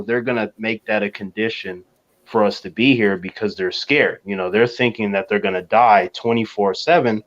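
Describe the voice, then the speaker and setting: A man on a talk panel telling a long personal story in a relaxed, measured way, with soft fillers. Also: lowish voice, dull audio.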